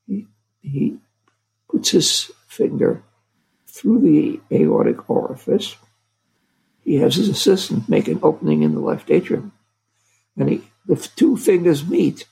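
Older guy, a doctor, telling a story, very gravelly and husky, stops and restarts a lot. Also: a little high, very animated, dark tone, poor audio. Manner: halting, full of restarts and fillers. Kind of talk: casual storytelling.

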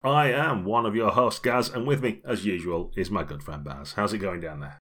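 A man's voice: lowish voice, normal speed, bright, forceful tone. A middle-aged British man co-hosting a role-playing podcast, chatting casually and rambling with frequent laughs. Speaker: podcast co-host.

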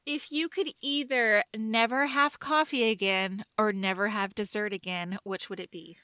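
Giggly animated woman, bright voice. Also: medium pitch, normal speed, clear, resonant tone, no room sound. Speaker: podcast co-host. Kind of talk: casual chat.

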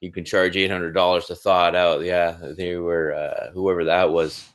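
A man in casual chat, an animated storyteller who often repeats words as he recalls an old prank. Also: low voice, normal speed.

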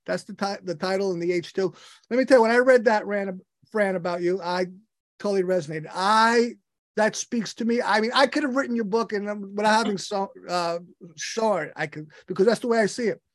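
A man's voice: high voice, fairly quick, no room sound, studio quality. A man hosting an interview, enthusiastic and rambling, with many restarts as he introduces his guest. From United States. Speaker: podcast host.

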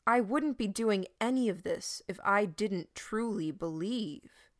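A woman reading the part of a calm, persuasive male preacher in a dry studio recording. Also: medium pitch, dry recording. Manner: calm, measured.

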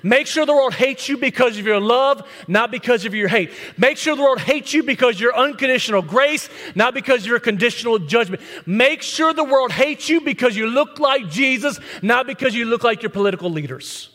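A man's voice: very high voice, expressive, fairly quick, hardly any pauses, bright, forceful tone. A man pastor preaching a blunt, conversational sermon to his congregation, tossing out rhetorical questions. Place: church sanctuary with congregation. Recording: long hall reverb.

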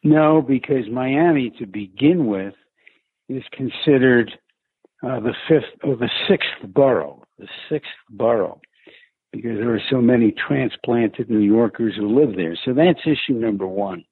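A man's voice: mid-range voice, a little slow, breathy edge, no room sound. A man with a New York accent, a sports broadcaster answering interview questions in a chatty, reflective way with many fillers. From Brooklyn, New York. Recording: tinny phone-line sound, dry.

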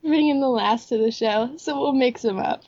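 A woman's voice: sits high, moderate pace, vocal fry, darkish tone, dull audio. Nasal woman with a head cold. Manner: upbeat, eager. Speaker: podcast co-host. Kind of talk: casual chat.

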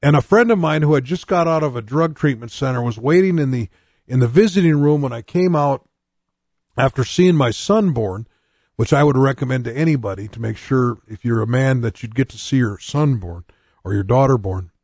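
This is a personal testimony sermon from a man in his sixties who tells his own conversion story earnestly and plainly, speaking straight to his listeners. He has a mid-range voice with a darkish tone at normal speed, and there's no room sound.

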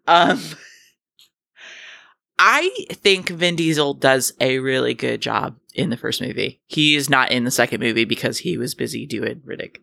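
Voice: medium pitch, normal speed, vocal fry, pushed and bright, no room sound. A co-host of a casual film review podcast, offering wry, dry-humored analysis.

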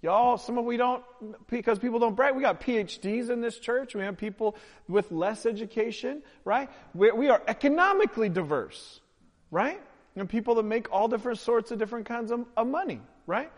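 A man with a high voice preaching to his congregation in a church sanctuary. He keeps it playful, teasing the crowd and pulling them into the message. His voice rings out with a long reverb in the hall. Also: lively intonation, normal speed. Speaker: pastor. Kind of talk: sermon with audience participation.

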